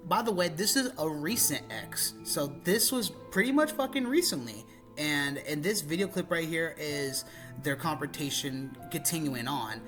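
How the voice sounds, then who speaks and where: A man's voice: on the high side, expressive, moderate pace, fairly bright tone, soft background music. A man narrating internet drama commentary in a blunt, profane, exasperated way.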